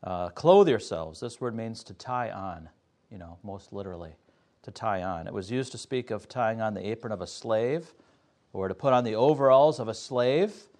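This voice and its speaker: In a lowish, darkish-toned voice, a man leads a Sunday school Bible class with animated energy. He walks through each step earnestly, stopping frequently to pause.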